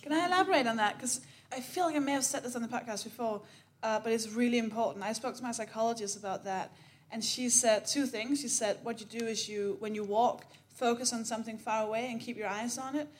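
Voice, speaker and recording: A woman's voice: fairly high pitch, fairly even intonation, fast talker. A woman co-hosting a live comedy podcast, chiming into the conversation in a chatty way. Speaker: podcast co-host.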